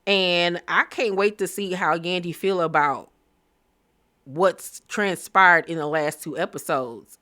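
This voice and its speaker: A woman's voice: lowish voice, slow, pushed and bright. A woman giving a casual, blunt and sassy recap of a reality TV episode, acting out the cast's lines as she goes. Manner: sassy, blunt, quotes cast members mid-story. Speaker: recap vlogger.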